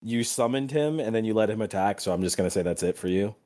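A man's voice: on the low side, expressive, fast, dark tone. A man narrating as game master of a tabletop role-playing game, in a laid-back, chuckling way.

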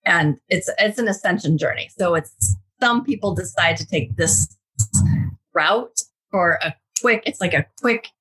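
A woman in her thirties, a guest telling a personal spiritual story in an animated, casual way. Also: lowish voice, unhurried, slightly rough.

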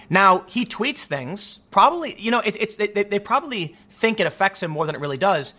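Young male host, high bright voice, sarcastic and animated, mocks people in funny voices. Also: brisk, few pauses. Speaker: commentary show host. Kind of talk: opinionated political commentary monologue.

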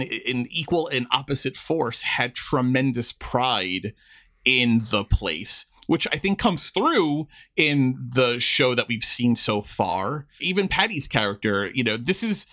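Lively man co-hosting a podcast. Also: medium pitch. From New York, Queens. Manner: animated, jokes with put-on accents. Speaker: podcast co-host. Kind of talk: casual chat.

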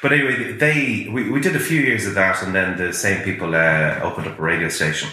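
Bright-voiced man in an echoey room. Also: deep voice, brisk. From Ireland. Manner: rambling, anecdotal storytelling. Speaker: guest. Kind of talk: casual interview chat.

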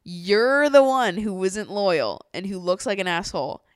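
A young woman vlogging a reality-show recap in casual chat, blunt and exasperated, swearing freely and talking in fast bursts. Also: mid-range voice, expressive, clean tone, dry recording, clean studio sound.

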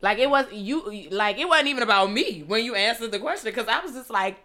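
A woman's voice: fairly high pitch, expressive, a little fast, few pauses, bright, forceful tone. A woman co-hosting a casual chat, laid-back and blunt, with frequent swearing. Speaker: podcast co-host.

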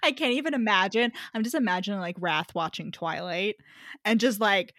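A woman's voice: mid-range voice, normal speed, no room sound, clean studio sound, faint music behind. A young woman co-hosting a podcast, retelling a novel in casual chat, full of "like" fillers and acted-out quotes. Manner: animated retelling with many "like" fillers. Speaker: podcast co-host. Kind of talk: casual book-club chat.

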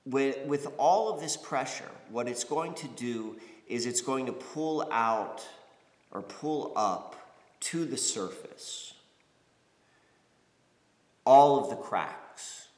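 A man's voice: mid-range voice, animated, takes it slowly, darkish tone. A man from the United States giving a reflective spiritual talk, rambling with many fillers and restarts. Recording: echoey room with long reverb.

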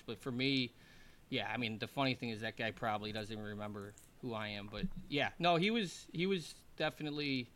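A man's voice: mid-range voice, quick pace, a little hiss or hum. A man, a former hockey player and guest, telling rambling, laughing anecdotes in a casual chat. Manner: rambling, laughing, animated anecdotes with put-on quotes.

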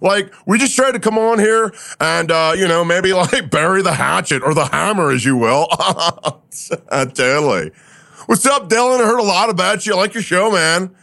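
A man voicing a young, brash male thunder god who talks like a loud gym bro, full of dude and man. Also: high voice, normal speed, gravelly, full character voice. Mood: chummy.

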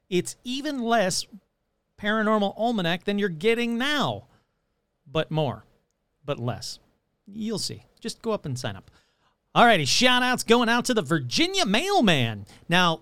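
A man's voice: high voice, a bit bright, smooth, dry recording. A man hosting a podcast, reading thanks and chatting in a rambling, self-mocking, playful way. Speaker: podcast host. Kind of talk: casual podcast chat.

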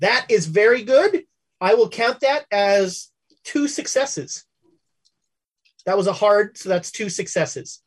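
A woman narrating as game master of a tabletop game, halting and full of fillers. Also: mid-range voice, lively intonation, breathy edge. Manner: hesitant, full of fillers and laughs while describing scenes.

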